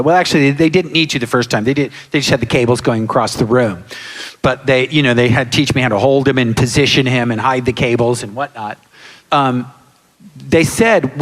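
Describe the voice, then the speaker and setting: Animated man in his 60s telling stories in a hall. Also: medium pitch. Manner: animated storyteller, acts out quotes and sound effects. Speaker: guest actor on a convention panel. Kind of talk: anecdote-telling on a live panel. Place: large hall with live audience. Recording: reverberant hall.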